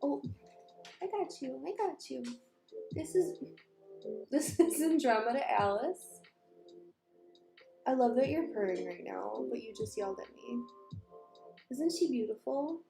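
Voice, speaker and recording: A woman's voice: on the high side, expressive, unhurried, creaky, long pauses. A woman chatting casually on a makeup livestream, rambling and groping for words while talking to viewers and her cats. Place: small room at home. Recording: echoey room with background music. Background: background music.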